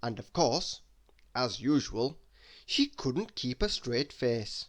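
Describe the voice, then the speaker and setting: A man reading a children's bedtime story aloud, animated and asking the listener questions as he goes. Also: medium pitch, takes it slowly.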